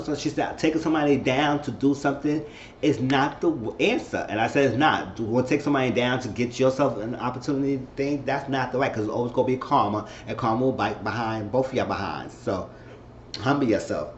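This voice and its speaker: A man giving a casual, animated recap of a TV episode, retelling scenes and acting out the characters' lines with laughs along the way. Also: mid-range voice, fairly quick, slight background noise. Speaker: show recap vlogger. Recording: roomy dull home recording with faint ambience.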